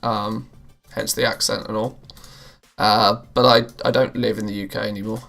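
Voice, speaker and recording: A man's voice: lowish voice, level tone, normal speed, gravelly, fairly bright tone. A British man hosting a live gaming stream, chatting casually with viewers and laughing often. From England, near Liverpool. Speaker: livestream gamer host.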